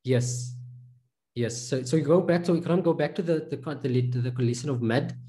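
A man's voice: mid-range voice, warm tone. A man teaching reading in a recorded pronunciation lesson, patiently drilling syllables and repeating each sound several times. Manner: patient, drills syllables with many slow repetitions.

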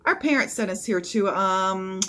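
A woman's voice: mid-range voice, very animated, moderate pace, a bit bright, slight background noise. Jack, a woman doing a nervous young boy. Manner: hesitant, nervous, with um and uh.

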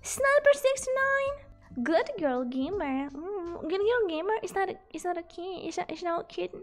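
A woman's voice: very high voice, moderate pace, darkish tone, faint music behind. A woman live streamer chatting casually with her viewers, giggling often and joking about herself while losing her voice a little. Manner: giggly, self-deprecating, laughs often.

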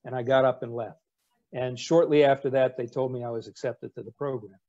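A man in his sixties, a retired navy captain, spins wry anecdotes at an easy pace, dropping in casual fillers as he goes. His voice is warm and mellow, sitting at an ordinary middle pitch. The recording sounds a little dull and lo-fi. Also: brisk. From United States. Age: 60s. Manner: wry, relaxed storyteller with fillers. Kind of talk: anecdotal storytelling talk.

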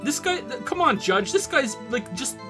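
Excitable woman, game streamer, giggly swearing commentary, lively high voice, game music behind. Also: moderate pace. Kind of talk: let's-play commentary.

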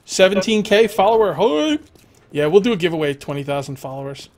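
A man's voice: on the high side, animated, fast. A young man streaming a survival game live, rambling, joking, thanking followers and swearing at the game.

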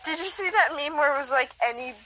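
A woman on a casual gaming voice call, giggly and quick to joke back. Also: sits high, sharp tone, faint music behind, poor audio. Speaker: gaming partner.

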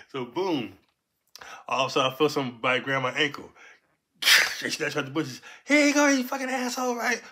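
A man in his fifties from Los Angeles tells a story casually, animated and profane, and punctuates his beats with sound words. His voice is bright and forceful, and his pitch sits in the middle.

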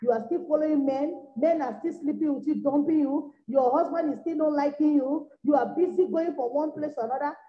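High-voiced woman preaching revival. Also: fairly quick, hardly any pauses. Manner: exhorting, repetitive, swinging from soft to loud bursts. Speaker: evangelist preacher. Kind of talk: revival sermon. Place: church meeting room. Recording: echoey, dull lo-fi room recording.

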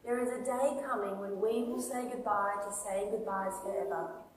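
A woman voicing gentle Jesus. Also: mid-range voice, moderate pace, a little hiss or hum, lightly acted. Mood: calm. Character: gentle kind adult male teacher Jesus. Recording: echoey church from far off.

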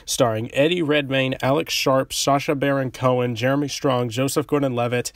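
A man giving a casual movie review, talking quickly and stumbling over words with many ums and restarts, a little out of breath from a head cold. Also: medium pitch, steady tone, no room sound. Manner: talks fast and stumbles, frequent ums and restarts.

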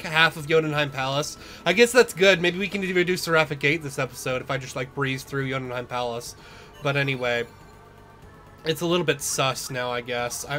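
A man's voice: on the high side, bright, forceful tone. Rambling, swearing young gamer guy. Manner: rambling, self-deprecating, swears often. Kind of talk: casual let's-play commentary. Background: game music.

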